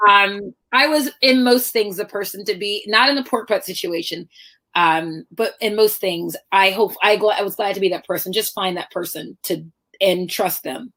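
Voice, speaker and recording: A middle-aged woman author telling personal stories in a lively conversational talk, acting out the voices of people she quotes. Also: medium pitch, normal speed. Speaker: author guest.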